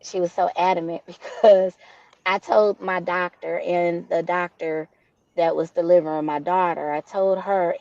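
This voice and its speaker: A woman's voice: lowish voice, steady tone, measured pace, a little mellow, dry recording. A woman from Detroit, speaking as a guest in an interview, telling a personal story in a candid, heartfelt way. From Detroit, USA. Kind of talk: interview conversation. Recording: dull, dry lo-fi audio.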